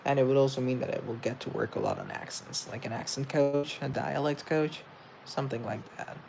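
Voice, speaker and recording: A man's voice: medium pitch, big pitch swings, fairly quick, vocal fry, darkish tone, a little hiss or hum, rough recording. A young man chatting casually in a vlog, rambling and making fun of his own efforts at accents. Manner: rambling, self-deprecating. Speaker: vlogger. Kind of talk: casual self-recorded chat.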